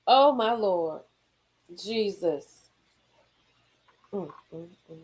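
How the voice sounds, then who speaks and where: A woman hosting a casual live stream from a car, reading gossip aloud and reacting with sudden high exclamations and low murmurs. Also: normal speed, rough recording. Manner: animated, swings into high exclaims and drops to murmurs.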